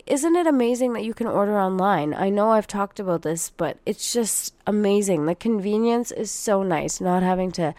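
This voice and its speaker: A woman's voice: mid-range voice, darkish tone, no echo. Foul-mouthed woman ranting on a podcast. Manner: profane, ranting, talks straight to listeners. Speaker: podcast host. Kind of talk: casual solo podcast chat.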